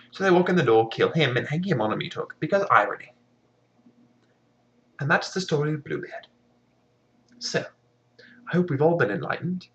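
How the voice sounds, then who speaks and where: A storyteller retelling a fairy tale as comedy, with deadpan, sarcastic asides. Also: medium pitch, moderate pace, pauses often, highs cut off.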